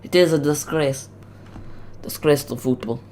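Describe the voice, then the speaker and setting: A man commentating live on a football match as a streamer, chatty and rambling, getting loud on big moments, with his voice cracking. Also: a little high, a little slow. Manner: chatty, rambling, excitable on goals. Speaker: watch-along streamer.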